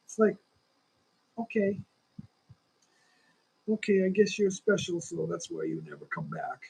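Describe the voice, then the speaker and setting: A man's voice: high-pitched, lively intonation, measured pace, pauses often, mellow, slightly rough, rough recording. A man in his sixties with a lingering cough, hosting a casual livestream and chatting in a rambling, opinionated way straight to his viewers. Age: 60s. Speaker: livestream host.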